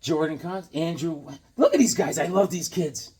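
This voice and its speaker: A man hosting a casual unboxing vlog, talking in an excitable, goofy, joking way. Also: fairly high pitch, normal speed. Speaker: comics vlogger unboxing a package.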